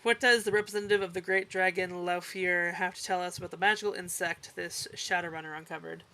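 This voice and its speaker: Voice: mid-range voice, steady tone, fast, pushed and bright, rough recording. A man reading a formal, wealthy older host's lines aloud in a plain voice.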